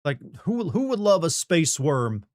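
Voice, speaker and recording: A man's voice: fairly high pitch, sing-song, a little slow, no room sound, clean studio sound. A middle-aged man from the Southern United States chatting casually on a live stream, rambling, joking and reading chat aloud.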